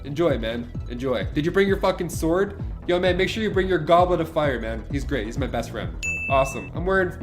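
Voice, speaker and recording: Chill sarcastic young dude riffing on tweets, swears, music playing clearly behind him. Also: male voice, a little high, lively intonation, a little fast. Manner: laid-back, sarcastic, swearing. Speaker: host reacting to tweets. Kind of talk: casual reaction commentary. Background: music bed.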